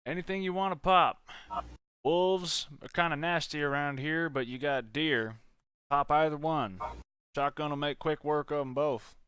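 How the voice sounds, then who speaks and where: A man's voice: a little high, unhurried, clean tone, dry recording. A man voicing a friendly rural hunter with a Southern accent, giving plain advice. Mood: easygoing. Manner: folksy, relaxed, gives plain advice. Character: easygoing rural hunter man, helpful guide.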